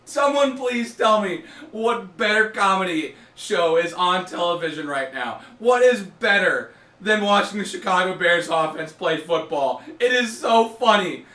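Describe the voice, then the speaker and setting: A man's voice: high-pitched, expressive, measured pace, few pauses, sharp tone, recorded from a distance. A man giving a casual, mocking rant to camera as a sports fan reaction host, often breaking into laughter. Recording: echoey room, voice away from mic.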